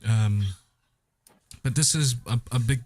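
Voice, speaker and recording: A man on a podcast panel, speaking gently and hesitantly with many fillers. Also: mid-range voice, takes it slowly. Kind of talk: podcast discussion.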